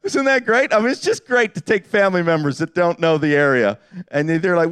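A man's voice: fairly high pitch, a little fast, clean tone. A middle-aged man preaching to a live audience, telling jokey stories and acting out the people he quotes. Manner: animated, jokey, acts out quotes with voices. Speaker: pastor. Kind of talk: humorous sermon storytelling.

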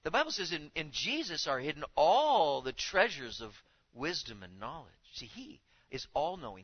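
A man preaching a sermon to his congregation, speaking with animated emphasis and now and then acting out the voices he quotes. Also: on the high side, normal speed, few pauses, breathy edge, highs cut off. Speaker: pastor.

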